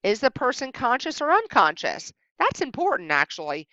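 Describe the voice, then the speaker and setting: Woman teacher, animated delivery, marked pauses, dry muffled home recording. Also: a little high, no room sound. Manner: expressive, exaggerated pauses at punctuation. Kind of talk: recorded slideshow lesson. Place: indoors at home.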